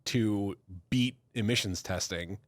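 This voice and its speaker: A man's voice: fairly low pitch, slow pace, no echo. A man co-hosting a podcast, laid-back with a dry sense of humor. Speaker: podcast co-host. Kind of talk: casual podcast chat.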